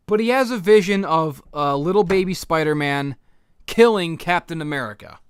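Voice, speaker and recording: A young man tears through a comic book recap in a profane, sarcastic rant, his voice bright and fairly high. The sound is crisp and dry, with almost no room echo. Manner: profane, sarcastic, erupts into shouting rants.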